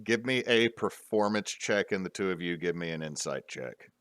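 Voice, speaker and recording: Bright, animated male game master narrating a tabletop game. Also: low voice, normal speed, clear, resonant tone, no room sound, studio quality. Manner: lively, laughing narration.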